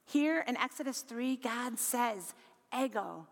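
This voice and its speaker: A woman preaching a sermon, expressive, rising to bright emphasis and dropping to low, quiet lines. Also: unhurried. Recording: long hall reverb.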